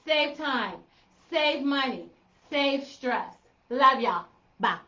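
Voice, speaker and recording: A woman's voice: high voice, animated, takes it slowly, sharp tone. A middle-aged woman, a professional organizer, giving tips in a chatty, playful way and repeating points for emphasis. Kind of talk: casual tips vlog. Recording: roomy, slightly dull sound.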